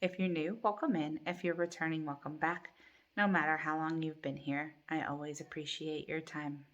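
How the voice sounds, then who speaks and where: A woman's voice: sits low, fairly even intonation, normal speed, lo-fi sound. A middle-aged woman hosting a crochet channel, chatting casually and rambling with many ums from her living room at home. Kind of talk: casual chat to camera.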